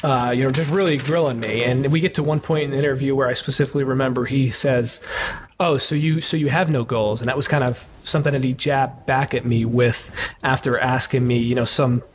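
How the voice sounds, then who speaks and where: A man's voice: medium pitch, steady tone, fast talker. Man, interview guest, candid storytelling, fillers, muffled, noisy background. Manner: candid, profane, many fillers. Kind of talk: casual storytelling. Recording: muffled with clear background noise.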